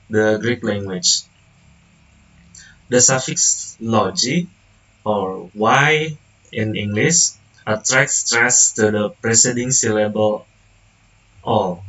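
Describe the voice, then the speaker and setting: A young man, a student whose first language is Indonesian, reading a class presentation haltingly, with restarts and self-corrections. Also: on the low side, a bit bright, far from the mic, poor audio. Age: young adult.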